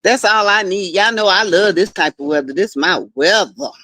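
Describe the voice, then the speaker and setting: A woman hosts a casual livestream from her backyard shed, greeting viewers by name and gossiping freely as she chats live with them. Her voice is medium-pitched, bright, and forceful at a normal speed, in a dry recording.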